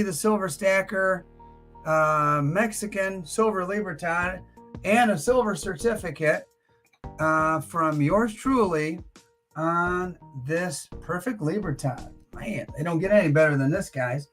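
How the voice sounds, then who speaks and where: An older man hosts a live coin auction stream, joking, chuckling, and tossing in teasing asides between bids in casual auction patter. His voice sits high and is a bit bright, and the recording quality is low.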